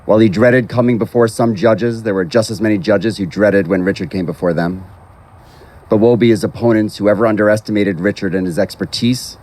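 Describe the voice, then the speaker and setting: A low-voiced man officiates at an outdoor graveside. He reads a formal eulogy at a measured, unhurried pace, his delivery steady and composed. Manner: measured, formal, reading from a text. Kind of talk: prepared eulogy.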